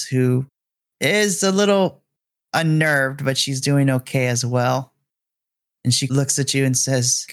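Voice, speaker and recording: A man narrating a tabletop game as game master, slow and deliberate as he sets scenes. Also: medium pitch, fairly bright tone, dry recording, clean studio sound. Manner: drawn-out, deliberate narration with voiced characters.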